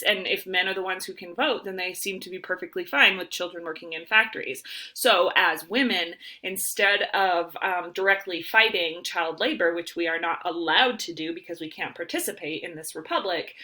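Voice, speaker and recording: A woman's voice: fairly low pitch, pushed and bright. A young woman teacher giving a casual recorded lecture from home, talking informally with many ums and rights.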